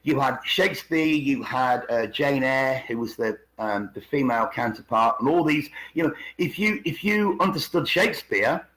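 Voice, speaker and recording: An English man living in China co-hosts a casual conspiracy podcast, rambling and repeating words as he explains things, sometimes putting on regional accents. His mid-range voice is animated and a bit bright, at normal speed with few pauses. The audio quality is poor.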